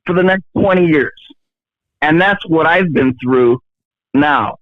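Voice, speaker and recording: A man's voice: fairly high pitch, no room sound. Hesitant middle-aged male caller on a tinny phone line. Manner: halting, full of restarts, self-deprecating.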